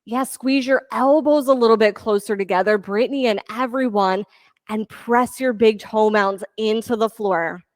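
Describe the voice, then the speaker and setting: A woman teaching a yoga class, giving steady counting cues and encouraging her students. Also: a little high, moderate pace, no room sound, studio quality. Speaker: yoga instructor. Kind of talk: leading a live yoga class.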